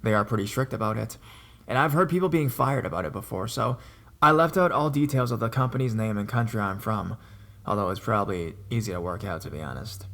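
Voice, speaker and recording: A man's voice: on the low side, brisk, vocal fry, fairly bright tone. A man narrating a true horror story in a plain, conversational way.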